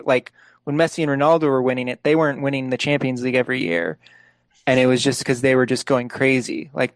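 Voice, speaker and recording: A young man talking sports in an easygoing podcast chat, his sentences padded with "like" as he thinks aloud. His voice sits at an ordinary middle pitch. The sound is dry and close, with no room around it. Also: dry recording. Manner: relaxed, leans heavily on "like" fillers. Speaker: podcast co-host.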